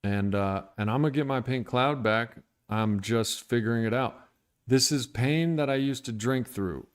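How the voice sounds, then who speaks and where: A man's voice: medium pitch, normal speed, smooth. A man talking candidly and bluntly about his recovery on a livestream, irritated and venting with profanity. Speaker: recovery streamer.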